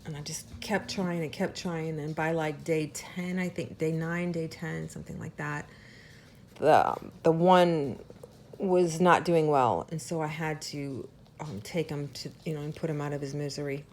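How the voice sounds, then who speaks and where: This breeder's voice is steady, a little slow and darkish, with slight background noise behind it. She shares an emotional, earnest update on her puppies from home, speaking to them in a high sing-song.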